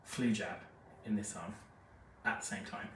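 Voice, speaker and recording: Feverish and unwell after a jab, a fragrance expert hosts a live review, chatty and gushing as he reads viewer comments aloud. His voice is lowish and fairly bright at a measured pace, recorded from a distance in an echoey room with a little hiss or hum.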